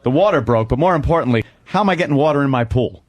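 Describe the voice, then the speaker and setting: Animated male radio co-host. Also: medium pitch, very fast, no echo. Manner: joking, laughs a lot. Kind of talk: casual radio banter.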